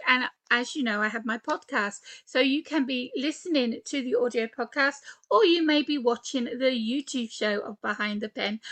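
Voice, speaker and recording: Chatty woman hosting a podcast. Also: sits high. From England. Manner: chatty, animated, laughs often. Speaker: podcast host. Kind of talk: casual interview chat.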